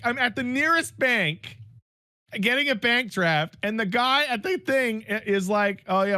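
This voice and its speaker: Podcast co-host, man in his 30s, high, bright voice, dry close sound, excitable storyteller. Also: dry recording. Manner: excitable, mimics people in his story, swears. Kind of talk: animated storytelling chat.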